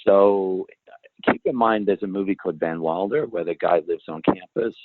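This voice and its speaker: In a casual interview, a male guest with a voice that sits low tells stories at normal speed, rambling, restarting sentences, interrupting himself and laughing along. The recording is dry, like a phone call.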